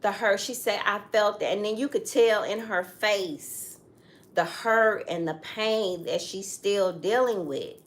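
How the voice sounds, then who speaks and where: A woman's voice: medium pitch, a little slow. A middle-aged woman in casual conversation who tells the story with feeling and keeps turning aside to speak straight to her listeners. She talks as a co-host chatting with her partner. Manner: emphatic storytelling with direct asides. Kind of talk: casual chat.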